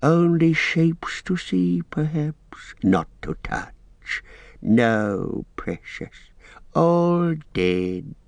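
A man's voice: a little high, sing-song, drawn-out words, creaky, no echo, voice pushed up, exaggerated voice. A man reading an audiobook and voicing a wretched, wheedling male creature with a hissing, whispery, strained voice that talks about himself in the third person. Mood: creepy. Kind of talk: audiobook character voice.

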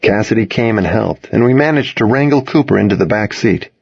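A man reading a dramatic first-person story aloud, expressive in his delivery. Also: on the low side, a little fast, creaky, slightly rough, dry recording, muffled recording. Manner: expressive, voices the other characters in his reading.

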